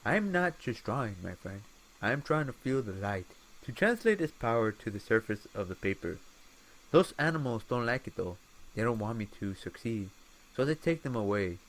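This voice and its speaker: A man's voice: mid-range voice, very animated, normal speed, poor audio. A man voicing an eccentric male artist committed to an asylum, musing dreamily in an attempted British accent. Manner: musing, dreamy, softly intense.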